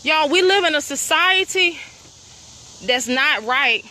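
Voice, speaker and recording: Crickets sound around a woman walking her rural land as she films a vlog, breathless, indignant and upset, putting pointed questions to her viewers. She speaks slowly in a high, bright, forceful voice with lively intonation.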